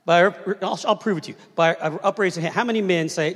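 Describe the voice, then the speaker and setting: A man's voice: high voice, a little fast. A man in his fifties preaching a sermon, telling family stories and asking the congregation to respond. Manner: conversational storytelling preacher, asks the crowd to respond. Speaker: pastor. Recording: long reverb of a large hall.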